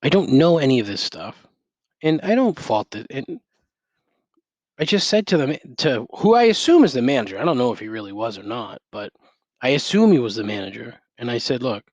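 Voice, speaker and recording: An over-caffeinated man in middle age vents through a solo podcast episode, sarcastic and swearing nonstop. His mid-pitched voice comes through a headset mic, close and dry. He sounds wired and worked up as he complains. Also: sing-song, fairly quick, a little mellow, no echo. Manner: ranting, sarcastic, heavy swearing. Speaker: podcast host. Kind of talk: profane solo rant. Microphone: gaming headset.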